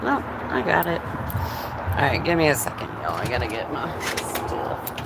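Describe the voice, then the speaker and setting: Slow-talking woman telling a story. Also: deep voice, huge pitch swings, gravelly. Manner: candid, swearing, laughing often. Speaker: livestreamer. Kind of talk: casual storytelling livestream. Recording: noisy phone recording.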